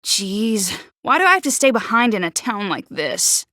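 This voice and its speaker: A woman voicing a prickly, sharp-tongued teenage girl in a video game, who stutters when flustered. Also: medium pitch, sing-song, normal speed, no echo, studio quality. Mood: exasperated. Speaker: game character.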